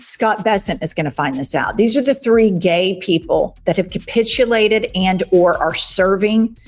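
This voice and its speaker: A woman's voice: medium pitch, expressive, moderate pace, soft background music. A woman podcast host giving emphatic, urgent political commentary.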